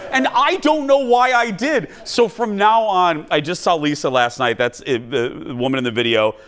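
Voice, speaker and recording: A man's voice: sits high, a little fast, few pauses. A man hosting a talk show, telling jokey stories to a studio audience. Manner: animated, jokey storytelling.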